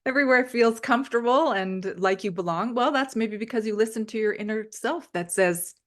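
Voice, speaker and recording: A woman's voice: fairly high pitch, a little fast, fairly bright tone. A woman hosting an interview, answering her guest with encouraging, affirming remarks. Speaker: interview host. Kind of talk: casual interview chat.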